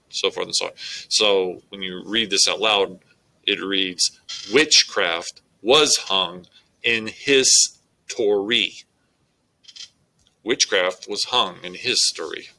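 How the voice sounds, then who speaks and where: A man's voice: sits low, sharp tone, poor audio. A male English teacher giving a methodical, explanatory recorded lecture on poetry.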